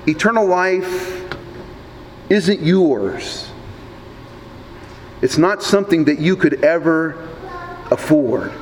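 A male pastor from Nebraska preaching a sermon, telling stories in an animated way with small stammers. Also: fairly high pitch, takes it slowly, pauses often, long reverb tail, a little hiss or hum, low-quality recording.

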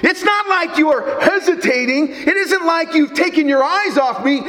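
A pastor with a strikingly high voice delivers an animated sermon, tripping over his words and restarting often. His voice rings through a church with a long, roomy echo. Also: moderate pace, hardly any pauses. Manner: animated preaching with stammered restarts. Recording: echoey church hall.

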